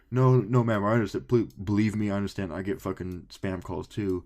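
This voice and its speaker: Profane young man telling animated stories. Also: on the low side, a little fast. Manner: profane, animated storytelling, acting out his own phone calls. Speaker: podcast co-host. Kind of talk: casual podcast chat.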